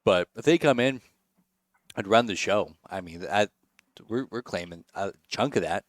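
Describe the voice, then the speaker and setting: A man's voice: on the low side, normal speed, dry recording, studio quality. A man co-hosting a casual sports podcast, joking in a wry way and stumbling over repeated words. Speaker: podcast co-host.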